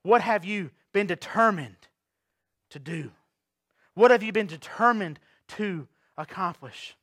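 A man preaching a sermon to his church, telling stories with big swings from quiet asides to shouts. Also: sits high, takes it slowly, dry recording, studio quality. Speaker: pastor.

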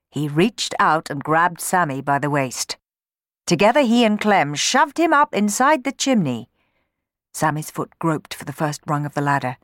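Woman narrator, lower voice, very animated storybook reading, dry close sound. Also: moderate pace, no echo. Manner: expressive, dramatic reading.

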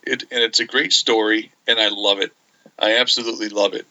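A man co-hosting a casual podcast, talking in halting, stop-start phrases and speaking about things he loves with enthusiasm. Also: fairly low pitch, fairly even intonation, sharp tone, dull audio. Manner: halting, many fillers and restarts, enthusiastic. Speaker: podcast co-host. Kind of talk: casual chat.

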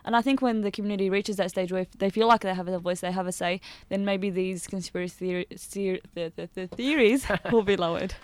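A presenter in a casual panel discussion who talks quickly, jokes and cuts in over the others. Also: male voice, high voice, clean tone, no echo. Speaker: radio show presenter.

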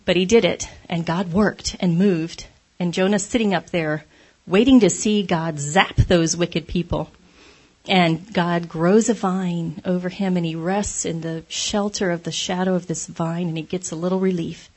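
Woman, husky voice, devotional talk, conversational, self-deprecating, laughs often. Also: on the low side, steady tone, a little slow, darkish tone. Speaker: speaker sharing a devotional talk.

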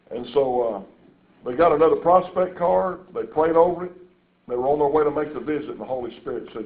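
A man's voice: mid-range voice, brisk. A man preaching a sermon and telling stories, with folksy asides to the congregation. His voice sits in the middle range. The sound is echoey and thin, like it came over a phone line.

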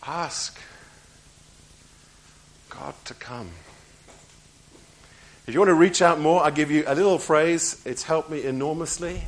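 A man preaching a sermon, moving between raised emphatic lines and hushed, quiet passages and repeating key phrases. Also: a little high, measured pace, pauses often, a little hiss or hum, poor audio.

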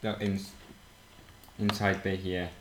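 A man's voice: low-pitched, flat delivery, measured pace, a bit bright. A man playing the game and steering his co-host with dry, practical remarks. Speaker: podcast co-host. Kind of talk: gameplay chat. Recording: echoey room with faint noise.

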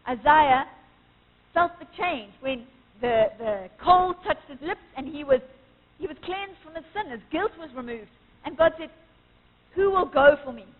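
A woman preaching a sermon at a church service, earnest and emphatic, quoting scripture with rising force. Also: sits high. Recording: tinny phone-like sound with long church reverb.

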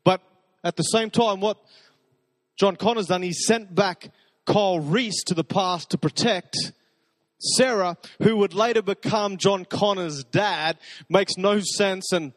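A man preaching a sermon, telling stories in a conversational way and dropping to soft, intimate repetitions. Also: high voice, unhurried, no room sound. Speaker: pastor.

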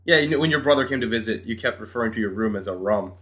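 A man from New Hampshire hosting a podcast, joking in quick casual banter. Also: lowish voice, animated, sharp tone. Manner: quick banter, laughs often. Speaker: podcast host.

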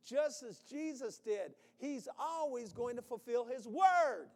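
A man preaching a sermon in an animated way, breaking into sudden shouts as he acts out worried voices. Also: extremely high pitch, takes it slowly, in a large hall.

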